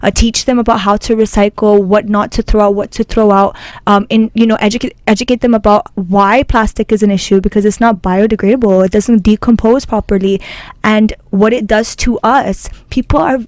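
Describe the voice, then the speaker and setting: A woman's voice: mid-range voice, steady tone, fairly quick, a little mellow, no echo. A young adult woman guest in a casual interview, speaking earnestly and indignantly with fillers and halts.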